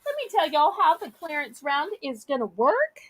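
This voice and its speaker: A woman hosts a live online sale, her voice high and bouncing across a wide range. She talks slowly and chattily, with a bright edge that is starting to fray. The sound is close and dry, with no room around it. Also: big pitch swings, no echo. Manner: chatty, folksy, drawn-out sales patter. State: losing her voice. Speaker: live online auction host. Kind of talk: live-stream selling chat.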